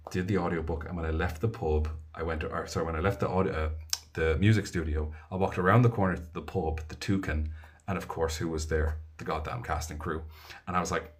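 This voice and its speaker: A man's voice: sits low, breathy edge. An Irish man, an audiobook narrator, chatting casually on a live stream, rambling and reading viewers' comments aloud.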